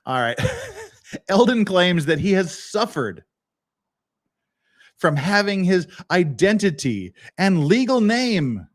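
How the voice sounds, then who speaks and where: A man hosting a live legal commentary stream, joking with his chat and breaking down a lawsuit. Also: high-pitched. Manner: animated, joking, chatty with chat. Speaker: podcast host.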